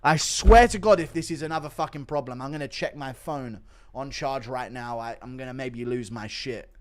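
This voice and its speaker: A man livestreaming and reading viewer donations in a casual chat, mumbling in a downbeat way, breaking into loud ranting bursts, and swearing freely. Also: medium pitch, steady tone, moderate pace. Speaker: streamer.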